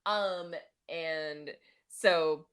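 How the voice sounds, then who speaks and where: A woman's voice: low voice, extremely slow, a bit bright, clear, resonant tone. A woman co-hosting a podcast, recapping a movie in a chatty, casual way with plenty of fillers. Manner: chatty, many fillers and laughs. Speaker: podcast co-host.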